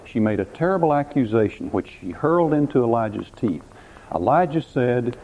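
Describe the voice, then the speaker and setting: Pastor preaching with dramatic questions. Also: male voice, mid-range voice, expressive, normal speed. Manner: dramatic storytelling, repeats words, asks the listeners questions. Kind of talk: sermon. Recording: tinny phone-like recording, faint hiss.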